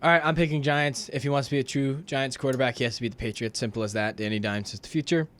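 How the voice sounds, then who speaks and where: A man's voice: medium pitch, fast. A young man hosting a casual sports talk show, teasing his co-hosts as he runs through game picks. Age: young adult. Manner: animated, teasing. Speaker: host.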